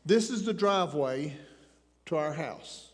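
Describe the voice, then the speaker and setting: A man's voice: a little high, lively intonation, measured pace. A man in his sixties with an Appalachian accent, preaching a folksy sermon full of jokes and rambling asides. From Tennessee mountains, Appalachia. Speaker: pastor. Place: church sanctuary. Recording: long reverb of a church hall.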